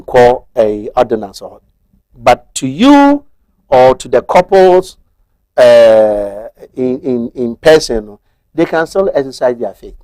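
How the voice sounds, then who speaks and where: A man's voice: medium pitch, sing-song, slow pace, dark tone, no echo. A man with a Ghanaian accent explaining marriage law on a talk show, methodical and switching between Twi and English.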